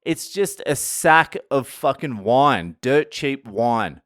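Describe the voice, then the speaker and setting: A man's voice: mid-range voice, lively intonation, slow pace, a bit bright, no room sound, studio quality. A young man, telling a crude, mocking story to camera with heavy swearing. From Australia. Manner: crude, sweary, mocking, laughs at his own jokes. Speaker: vlogger. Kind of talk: profane storytelling rant.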